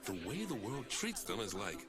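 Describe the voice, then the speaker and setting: A man's voice: lowish voice, huge pitch swings, normal speed. A man voicing an earnest, wry zoo owner in a game's voice-over, with chuckling, self-mocking asides. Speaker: zoo owner in a game intro. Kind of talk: scripted game voice-over. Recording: game music underneath.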